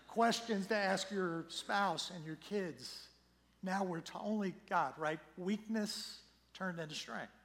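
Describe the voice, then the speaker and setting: A middle-aged male pastor with a slightly hoarse voice, preaching a sermon in a conversational, storytelling way and swelling louder when he reads scripture. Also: sits high. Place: church sanctuary. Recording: long church hall reverb.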